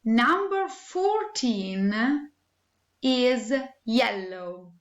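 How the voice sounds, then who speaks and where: A woman leads a children's English listening lesson. She names each word slowly and clearly in a slightly high voice. The room has a noticeable echo. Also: expressive. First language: Italian. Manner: slow, clear, deliberate naming. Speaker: English teacher for young children.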